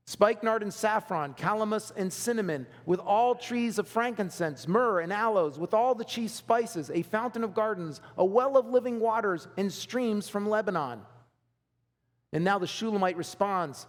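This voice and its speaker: A man's voice: high-pitched, normal speed. A man preaching a sermon as pastor, conversational, reading scripture aloud and checking in with the congregation. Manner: conversational, reads scripture aloud, asks the audience "okay?". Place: church hall. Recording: long hall reverb.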